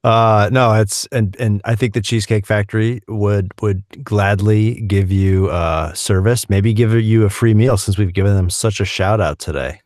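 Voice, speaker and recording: A man co-hosting a podcast, talking in easygoing, jokey casual chat and musing out loud. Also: lowish voice, fairly even intonation, moderate pace, hardly any pauses, no room sound, studio quality. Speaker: podcast co-host.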